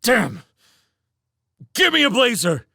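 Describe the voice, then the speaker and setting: A man voicing a desperate male soldier trapped in a collapsing cave, shouting frantically and turning bitter. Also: high-pitched, huge pitch swings, a little fast, gravelly, slightly rough, dry recording, clean studio sound, voice pushed up, full character voice. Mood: frantic.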